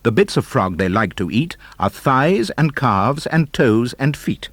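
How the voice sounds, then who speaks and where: A man narrating a children's book of comic verse, animated, theatrical and rhythmic. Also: mid-range voice, measured pace, no room sound. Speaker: audiobook narrator. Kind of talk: expressive storybook verse reading.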